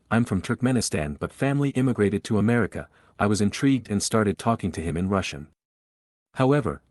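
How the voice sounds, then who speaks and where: A man narrating a forum post aloud in an even, steady reading voice. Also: fairly low pitch, dry recording, studio quality. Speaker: story narrator.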